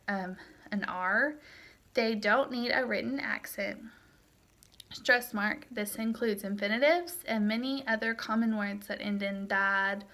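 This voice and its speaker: A woman's voice: mid-range voice, bright, forceful tone. A young woman teaching a recorded language lesson, explaining steadily with frequent ums. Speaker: Spanish teacher. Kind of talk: recorded lecture walkthrough.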